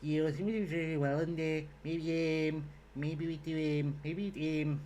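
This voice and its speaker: A man's voice: fairly high pitch, little pitch movement, a little mellow, a little hiss or hum, lightly acted. A man putting on a Scouse accent to play a hesitant footballer stumbling through a post-match interview. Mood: dithering. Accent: Scouse put on. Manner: halting, full of ums and maybes. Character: hesitant mumbling male footballer giving interview.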